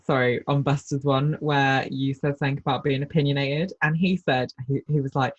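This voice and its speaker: A woman's voice: rumbling low, steady tone, fairly quick, highs cut off. A woman co-hosting a podcast in casual chat, hesitant and full of fillers. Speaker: podcast co-host.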